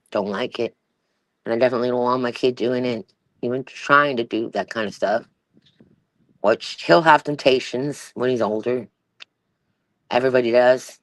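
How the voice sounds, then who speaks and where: A woman's voice: extremely low pitch, dry recording. A woman hosting a livestream, chatting casually in a rambling way, with many fillers and restarts and a Valley Girl-type voice. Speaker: livestream host.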